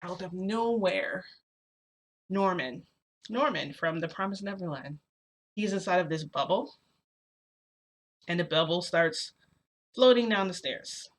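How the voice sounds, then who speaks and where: A woman's voice: fairly low pitch, expressive, a little slow, long pauses. A young woman telling a personal story in a casual, chatty way, speaking straight to her viewers and filling it with "like" and "you know.". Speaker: storytime vlogger.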